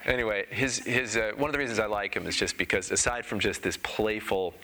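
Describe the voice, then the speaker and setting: Low, bright-toned man giving a talk. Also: fairly even intonation, a little hiss or hum. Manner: halting and conversational, with frequent pauses and restarts. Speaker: Dharma teacher. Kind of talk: Dharma talk with personal anecdote.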